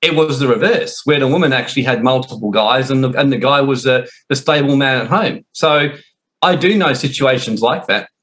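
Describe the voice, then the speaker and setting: A middle-aged man with an Australian accent, hosting a casual chat and telling a story with lively shifts of voice when he quotes people. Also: medium pitch, a little fast. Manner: animated storyteller, voices swinging up when quoting others. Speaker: host.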